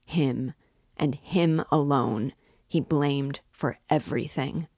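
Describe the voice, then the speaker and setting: A middle-aged woman reads a classic novel aloud in a low, unhurried voice. Her narration is measured and steady. The sound is dry and close. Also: slightly rough, no echo. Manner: measured, lifts voice for quoted dialogue. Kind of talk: literary read-aloud.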